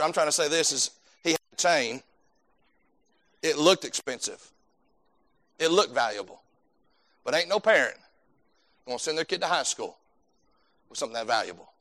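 A male preacher delivering a sermon, speaking in a fairly high register. His voice is bright and forceful. He preaches with fervent emphasis and repeats words as he builds toward his points.

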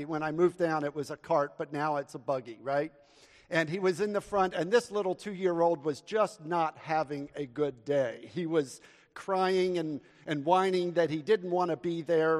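A high-voiced pastor speaks to his congregation in a warm storytelling tone that moves between earnest prayer and a joke-told anecdote. His voice echoes with the long reverb of a church hall. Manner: earnest, storytelling with audience call-and-response. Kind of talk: sermon with prayer and humorous anecdote. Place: church sanctuary.

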